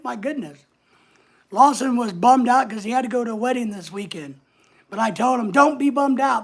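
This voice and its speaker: A woman hosting a casual livestream, chatting away and answering viewer comments as they come in. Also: high-pitched. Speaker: livestream host.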